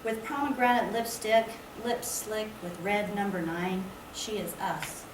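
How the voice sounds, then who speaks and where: Woman poet, unhurried lyrical reading at a library event, echoey far-off sound. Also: mid-range voice. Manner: slow, measured, lyrical delivery. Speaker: poet reading her work. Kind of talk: poetry reading. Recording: echoey room, distant mic, background noise.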